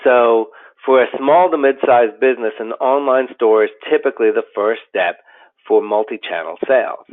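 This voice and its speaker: A man, a company president, giving a scripted business webinar in a steady, explanatory way with occasional fillers and restarts. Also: mid-range voice, normal speed. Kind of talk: scripted webinar presentation over slides. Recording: tinny phone-like audio.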